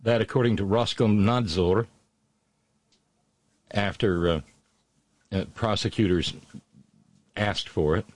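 A man giving casual, sarcastic news commentary, halting with many fillers and restarts. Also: lowish voice, dry recording. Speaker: political commentator.

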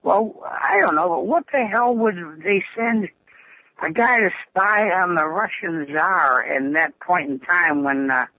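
A man calling in to a radio show, talking in an excitable, rambling way. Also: sits high, unhurried. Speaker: caller. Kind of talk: call-in radio chat. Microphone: telephone. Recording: tinny phone line.

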